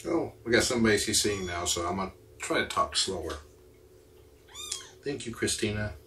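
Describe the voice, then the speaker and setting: A man's voice: lowish voice, expressive, normal speed, sharp tone, slight background noise. A man hosting a livestream, chatting casually and answering viewer comments as they come in. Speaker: livestream host. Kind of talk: casual chat with live viewers.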